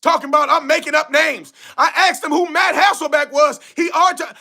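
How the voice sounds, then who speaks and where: A man on a live stream trash-talking rival fans, loud and taunting, often shouting and repeating himself. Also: extremely high pitch, fairly even intonation, fairly quick, creaky, few pauses. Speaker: livestreamer.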